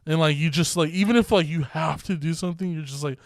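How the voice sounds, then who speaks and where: A man's voice: fairly high pitch, quick pace, no echo. A young man co-hosting a podcast, telling a bar story in casual, profane, laughing chat. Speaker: podcast co-host.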